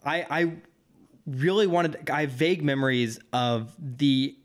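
A man co-hosting a podcast, chatting casually and enthusiastically. His voice sits at a medium pitch. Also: a little slow. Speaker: podcast co-host. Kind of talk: casual chat.

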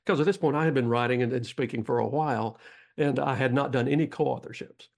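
Folksy Texan storyteller guest. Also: male voice, medium pitch, quick pace, vocal fry. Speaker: podcast guest. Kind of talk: storytelling interview.

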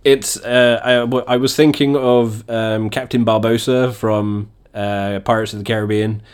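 A man's voice: fairly low pitch, little pitch movement, unhurried, clean tone. A young man hosting a casual comedy video, laughing through his sentences and swearing freely. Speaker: video host.

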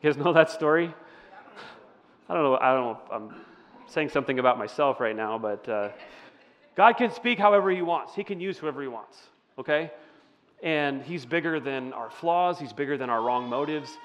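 A man's voice: medium pitch, lively intonation, normal speed, fairly bright tone, big-room sound. A man preaching a conversational sermon as a pastor, asking his listeners questions. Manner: conversational, asks the audience questions. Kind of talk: interactive sermon.

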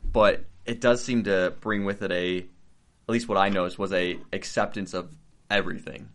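A young man with a very low-pitched voice talks as a guest in a relaxed conversation. He thinks aloud, restarts his phrases, and speaks in an easygoing, earnest way. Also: moderate pace. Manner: thoughtful, restarts phrases, laughs often. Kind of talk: casual conversation.

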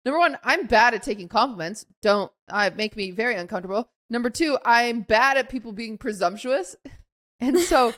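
A woman's voice: on the high side, animated, moderate pace, a bit bright. A young woman co-hosting a podcast, telling a story in a casual chat and acting out quotes with lots of fillers. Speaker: podcast co-host.

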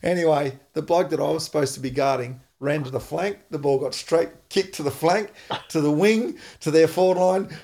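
Gravelly Australian man telling a footy story. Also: a little high, moderate pace. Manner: animated storyteller, laughs often. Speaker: podcast host, former footballer. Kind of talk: casual storytelling chat.

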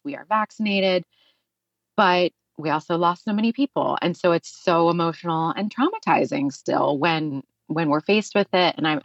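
A woman's voice: lowish voice, dry recording, muffled recording. Chatty woman podcast co-host, dry sound. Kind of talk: casual chat. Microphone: remote recording setup.

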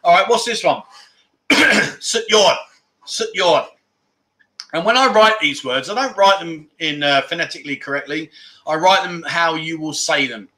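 A man's voice: on the high side, normal speed, sharp tone. A man hosting a casual livestream, reading viewer comments aloud and joking with the chat, laughing often. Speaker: livestream host. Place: room at home with aircon.

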